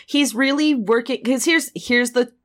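A young woman co-hosting a casual book podcast, emphatic with quick asides. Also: fairly high pitch. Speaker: podcast co-host. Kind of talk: casual book discussion chat.

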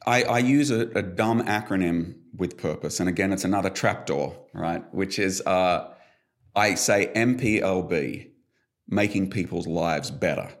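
A middle-aged man with a low, gravelly voice talks as a coaching guest on a podcast. He tells his stories with animated emphasis and leans hard on key words. His creaky low tone carries through his explanations. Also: a little slow. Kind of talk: podcast conversation.

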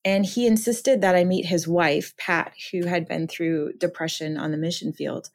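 A woman from Minnesota, an author and counselor, shares her story as a podcast guest. She speaks in a fairly low voice, earnest and reflective as she goes. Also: fairly even intonation, moderate pace, creaky. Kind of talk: personal testimony in conversation.

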